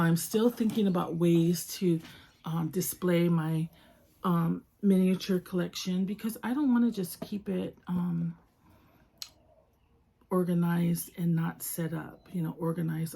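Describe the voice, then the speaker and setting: Slow, gravelly-voiced woman gushing softly. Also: lowish voice. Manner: soft-spoken, often dropping to a whisper; gushing over each toy. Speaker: toy collector vlogger. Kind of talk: casual unboxing chat.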